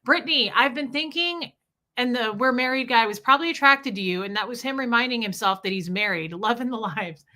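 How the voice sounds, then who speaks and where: A woman's voice: fairly high pitch, a little fast, pushed and bright. A woman hosting a casual livestream, greeting viewers by name one after another. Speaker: livestream host.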